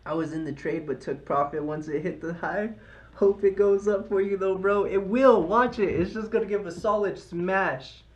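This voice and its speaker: A man's voice: high voice, moderate pace, reverberant, muffled recording. A young man live-streaming his trading, hyped and slangy, cheering the chart on and sweet-talking it like a lover.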